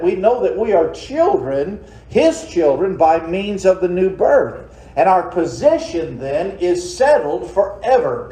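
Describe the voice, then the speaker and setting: Man, pastor, folksy sermon, rhetorical questions, slightly high, mellow tone, echoey church. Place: church sanctuary. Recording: roomy church echo.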